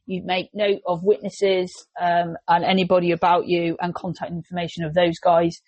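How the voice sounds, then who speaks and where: A woman with an English accent, co-hosting a casual podcast chat, talking in a chatty, lively way and slipping into quoted voices. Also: on the low side, normal speed, no echo. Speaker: podcast co-host.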